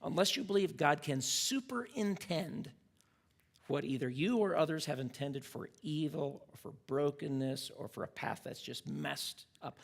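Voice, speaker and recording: A man's voice: fairly high pitch, creaky, slightly rough. A pastor teaching a church class, earnest and reflective as he retells a story and draws lessons from it.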